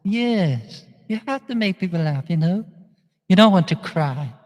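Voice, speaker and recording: A man's voice: high-pitched, lively intonation, measured pace, a little mellow. A man vlogging in a chatty, meandering way, often laughing as he talks. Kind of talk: casual rambling monologue. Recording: long echoing reverb.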